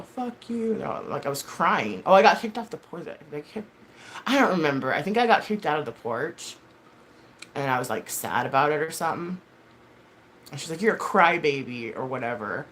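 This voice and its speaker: Woman in her thirties, live-stream host; blunt, foul-mouthed, rambling chat with a lively, swooping pitch. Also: normal speed, a little hiss or hum. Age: 30s. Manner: rambling, blunt and heavily profane; frequent fillers and self-corrections. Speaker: livestream host. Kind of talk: casual chat with live viewers.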